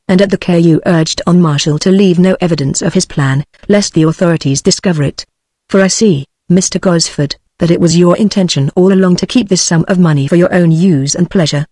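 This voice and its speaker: A text-to-speech narrator reading a detective story in an even, mechanical way. The pitch sits mid-range and the sound is dry and close, with no room around it. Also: no room sound. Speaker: audiobook narrator.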